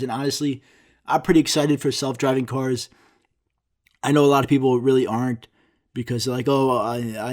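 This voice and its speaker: A man's voice: mid-range voice, darkish tone. Profane young man ranting on a podcast. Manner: mocking impressions of other people. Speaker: podcast host. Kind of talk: solo podcast rant.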